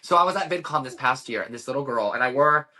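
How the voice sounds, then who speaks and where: A man's voice: mid-range voice, fast. A young man in his twenties, a podcast guest chatting casually and telling stories animatedly, acting out the dialogue. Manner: animated storyteller, acts out quoted dialogue. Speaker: podcast guest, social media creator.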